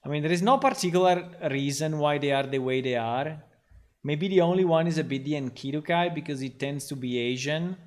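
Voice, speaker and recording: A man's voice: a little high, a little fast. A man talking casually on a livestream as a game developer, thinking aloud in a rambling way with lots of ums and restarts. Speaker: game developer streaming his work. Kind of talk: casual livestream talk while working.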